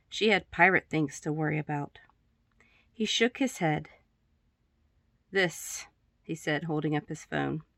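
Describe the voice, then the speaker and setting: Low-voiced woman reading her story casually. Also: a bit bright, no room sound. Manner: chatty, giggly, with throat-clearing asides. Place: room at home with poster backdrop.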